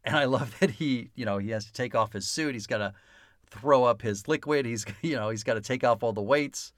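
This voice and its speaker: A man's voice: medium pitch, a little fast, dry recording, studio quality. A man co-hosting a casual film podcast, swearing freely and laughing often as he talks. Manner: profane, laughs often, mock-stern teasing. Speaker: podcast co-host. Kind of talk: casual chat about a film.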